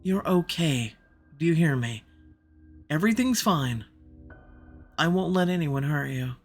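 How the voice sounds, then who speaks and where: A man doing a calm protective woman fighter. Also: on the high side, unhurried, soft background music, voice pushed up. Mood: soothing. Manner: even, calm.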